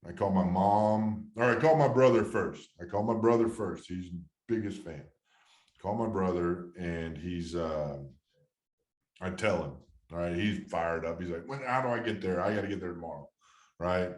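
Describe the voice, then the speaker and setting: A former baseball catcher in his thirties, with a low, darkish voice and moderate pace, tells a long story as a guest in a casual interview. He rambles with fillers and restarts, and the sound is reverberant.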